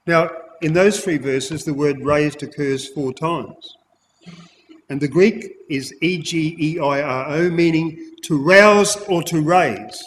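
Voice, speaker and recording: A man preaching an expository sermon, emphatic, repeating key phrases and addressing his listeners as ladies and gentlemen. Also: a little high, slow, slight background noise. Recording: long hall reverb.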